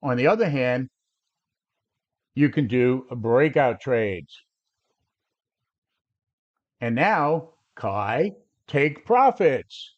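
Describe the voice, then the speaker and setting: Extremely slow and full of pauses, this septuagenarian trading coach speaks in a medium-pitched, expressive voice with the highs cut off. On his live stream he's brash and combative, firing answers straight back at chat.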